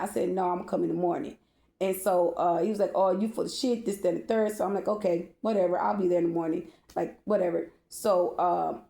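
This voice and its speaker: Candid woman with a mellow voice, echoey room. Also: medium pitch, creaky. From Baltimore. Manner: candid, profane, speaks straight to viewers. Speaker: storyteller. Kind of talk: emotional personal storytime.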